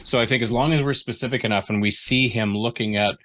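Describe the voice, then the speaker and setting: A man with a bright, forceful voice talks through notes on a story chapter. He rambles, circles back and restarts his sentences as he works out his thoughts, in an easygoing critique over a call. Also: medium pitch, quick pace. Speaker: writing mentor giving feedback. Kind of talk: casual critique session.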